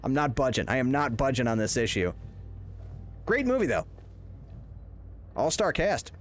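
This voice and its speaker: A man with a medium-pitched, sing-song voice at normal speed plays a horror game on a live stream. He keeps up jokey, rambling commentary and chats with his viewers.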